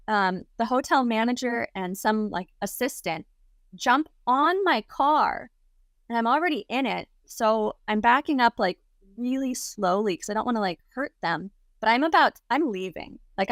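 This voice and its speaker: A woman's voice: on the high side, expressive, moderate pace, fairly bright tone, no echo, studio quality. A young adult woman, a podcast guest, telling a story casually with lots of "like" and acted-out quotes. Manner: chatty, lots of "like", acts out quotes. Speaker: guest, content creator.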